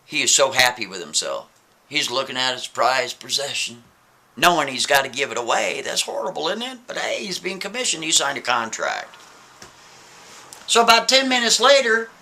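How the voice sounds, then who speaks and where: Animated, bright-voiced male storyteller. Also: high voice, moderate pace. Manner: animated, addresses the listener directly. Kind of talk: casual spoken storytelling.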